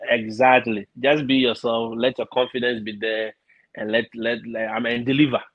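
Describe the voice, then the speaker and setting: A man's voice: medium pitch, level tone, normal speed, no room sound. A man hosting a casual talk, speaking English with an African accent and an encouraging manner, often repeating words as he thinks aloud. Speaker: podcast host. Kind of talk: casual conversation. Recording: slightly dull lo-fi sound.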